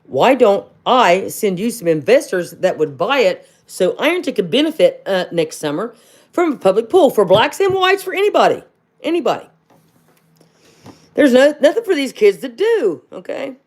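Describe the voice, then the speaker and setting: A woman's voice: a little high, big pitch swings, moderate pace, a little mellow. A middle-aged woman, hosting a casual livestream, rambling and chatty, calling viewers honey and firing off rhetorical questions. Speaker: livestream host.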